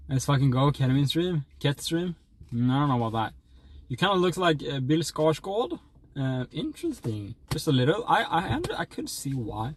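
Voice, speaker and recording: A man's voice: on the high side, very animated, normal speed. A young man from Sweden, chatting playfully as a streamer and reading donations in a rambling way. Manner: rambling, playful, stumbling restarts. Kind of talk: casual livestream chat, reading donations.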